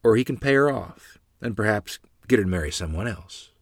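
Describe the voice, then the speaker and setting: A businesslike country lawyer lays out the options in a matter-of-fact way, voiced by a man. The voice is deep and husky, and the recording sounds close and dry. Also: lively intonation, brisk, no room sound.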